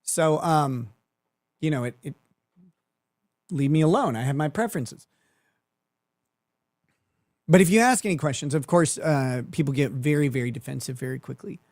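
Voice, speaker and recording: A man's voice: a little high, animated, normal speed, long pauses, a little mellow, dry recording, studio quality. A man hosting a commentary show, talking in a sarcastic, profane way and laughing often. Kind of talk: mocking online commentary.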